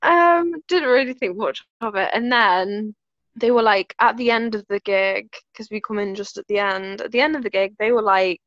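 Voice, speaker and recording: A woman's voice: medium pitch, normal speed, fairly bright tone, no echo, highs cut off. A young woman co-hosting a podcast, telling a story in a rambling, giggly way and saying "like" a lot. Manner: giggly, rambling, heavy use of "like". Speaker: podcast co-host. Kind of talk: casual storytelling chat.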